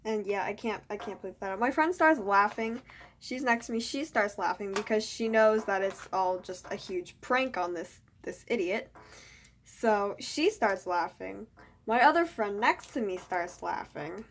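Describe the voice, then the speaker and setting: Here a student vlogger, a teenage girl, rambles through a school story in an animated but slightly slow way, peppering it with "like" and "you know" and mocking herself. Her pitch is medium, and a little hiss or hum runs underneath.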